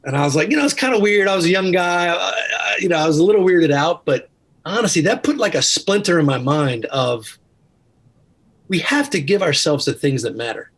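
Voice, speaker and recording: Brief: man, author and podcast guest, husky tone, earnest and anecdotal, often restarting his sentences. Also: sits high, moderate pace, a bit bright. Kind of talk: casual storytelling interview.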